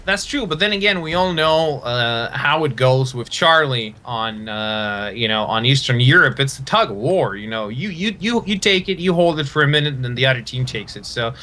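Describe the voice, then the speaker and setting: Bright, excitable male esports caster. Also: mid-range voice. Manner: excitable, laughs often, lots of fillers; rapid play-by-play calls. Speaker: tournament commentator. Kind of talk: live esports commentary.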